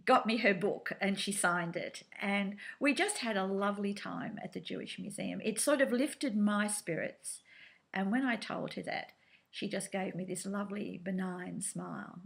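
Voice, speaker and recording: A woman telling a personal story in a reflective, soft-spoken way, pausing with fillers and restarts. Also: mid-range voice, vocal fry.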